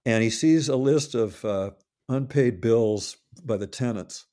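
Unhurried and warm, an older man with a medium-pitched voice recounts rambling stories in a casual interview. He keeps revising what he's said and quotes others along the way.

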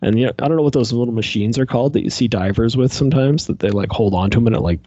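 A man's voice: mid-range voice, very fast, mellow, breathy edge, dry recording, lo-fi sound. A man in casual podcast chat, animatedly ranting and exasperated, filling his talk with "like". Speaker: podcast co-host reviewing a movie.

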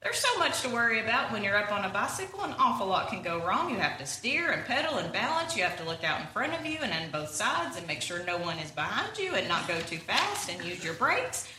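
A woman's voice: on the high side, sharp tone, a little hiss or hum. A woman reading aloud from a storybook, voicing an anxious male walrus who frets and spirals into panic. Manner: nervous, catastrophizing, rising into panic. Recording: echoey room, voice from a distance.

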